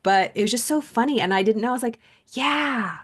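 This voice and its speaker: A woman's voice: fairly high pitch, racing. A woman coach reading a self-help book aloud, then chatting casually about it and telling stories with many fillers.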